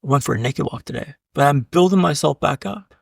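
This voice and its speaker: A man's voice: a little high, expressive, fairly quick, creaky, no room sound, clean studio sound. A man, a keynote speaker and podcast guest, telling a story with punchy repeated beats, often addressing the host by name and swearing casually. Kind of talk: dramatic storytelling.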